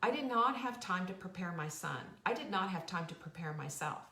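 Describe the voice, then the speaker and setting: A woman's voice: fairly low pitch, lively intonation, a little fast, pushed and bright, echoey room. A woman hosting a live stream, telling a personal story and urging viewers on with emotional, faith-filled encouragement. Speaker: host. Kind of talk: motivational live-stream talk.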